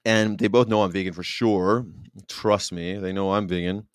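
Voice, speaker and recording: A man with a lowish voice hosts his own show in a loose monologue. He is animated and emphatic and often restarts his phrases. The recording is dry and close, with no room sound. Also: normal speed, smooth, no echo. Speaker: show host. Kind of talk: casual monologue commentary.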